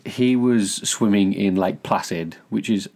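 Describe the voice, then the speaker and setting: Man, deep low voice, laid-back storyteller, casual podcast chat. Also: a little slow, a little mellow. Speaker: podcast co-host.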